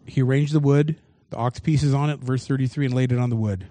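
A man's voice: medium pitch, steady tone, a little fast, dark tone, slight background noise. A man preaching a sermon as pastor, reading scripture aloud and commenting on it with shifting emphasis.

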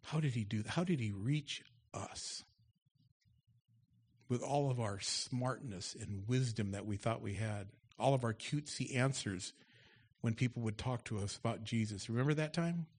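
A man's voice: medium pitch, moderate pace, slightly rough. A man preaching a sermon in church, reading Bible verses aloud with rising force and then explaining them in an easy, conversational way. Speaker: pastor. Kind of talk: expository sermon.

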